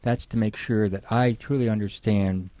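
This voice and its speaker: A low-voiced middle-aged man explains things to an interviewer. He leans on key words and acts out the example phrases he quotes. The sound is close and dry. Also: fairly even intonation, normal speed, dark tone, dry recording. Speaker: guest expert.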